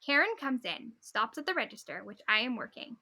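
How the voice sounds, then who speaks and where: A young woman with a lilt co-hosts a chatty podcast, her voice bright and a touch high. She reads posts aloud in an animated way and keeps giggling mid-sentence. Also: fairly quick, slightly rough. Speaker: podcast co-host. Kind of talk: casual chat, reading posts aloud.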